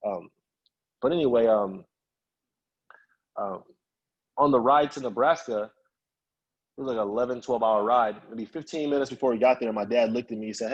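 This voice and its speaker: Guest speaker from Chicago, a man with a husky mid-range voice, telling his story with lively acted-out quotes. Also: medium pitch, normal speed, pauses often, dull audio. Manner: animated, acts out quoted voices of family and friends. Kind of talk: personal storytelling.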